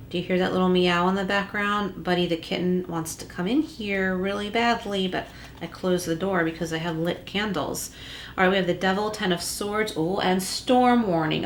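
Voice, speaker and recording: A woman with a lowish voice gives a tarot reading and speaks straight to the listener in a reassuring way. Her voice bounces around an echoey room at home. A faint rumble hums underneath. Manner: reassuring, addresses the listener directly. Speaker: tarot reader. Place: room at home with a closed door.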